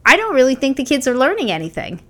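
A woman's voice: high voice, wildly swooping pitch, quick pace, a bit bright. A woman co-hosting a casual comedy podcast, dropping dry sarcastic remarks. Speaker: podcast co-host.

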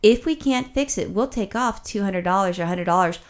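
Woman co-host, casual chat. Profane, exasperated storyteller, rambling and animated. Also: mid-range voice. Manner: animated, rapid rambling with restarts. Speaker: podcast co-host.

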